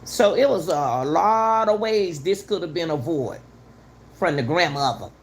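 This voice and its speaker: Middle-aged woman, gravelly voice, emphatic casual commentary, faint background noise. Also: lowish voice, animated, unhurried. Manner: emphatic, heated, repeats herself and talks straight to viewers. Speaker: channel host commenting on a news case.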